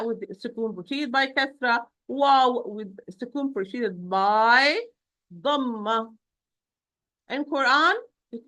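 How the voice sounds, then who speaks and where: A woman's voice: a little high, pushed and bright. Patient woman teaching recitation. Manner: patient, repeats and checks with "okay?"; demonstrates sounds slowly. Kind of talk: online lesson.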